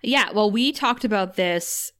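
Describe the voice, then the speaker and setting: A woman's voice: mid-range voice, expressive, measured pace, fairly bright tone. A woman co-hosting a podcast, chatting casually about a TV show and laughing often. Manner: chatty, laughs often, acts out characters' lines. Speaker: podcast co-host. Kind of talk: casual TV recap chat.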